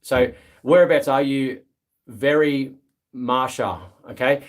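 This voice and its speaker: A man's voice: medium pitch, normal speed. Chatty Australian man hosting a livestream. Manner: relaxed and chatty, many fillers, greets viewers as mate. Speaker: livestream host. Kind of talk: casual live-stream chat reading viewer comments.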